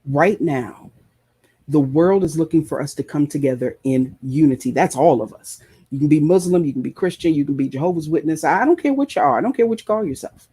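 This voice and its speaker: A man's voice: fairly high pitch, lively intonation, fairly quick, mellow, slightly rough. A man preaching a passionate sermon, repeating phrases for emphasis and addressing his listeners directly. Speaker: preacher and show host.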